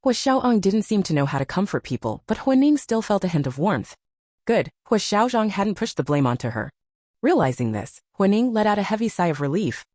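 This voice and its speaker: A woman narrating a romance novel in an audiobook, with steady storytelling. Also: mid-range voice, a little fast, no echo, clean studio sound.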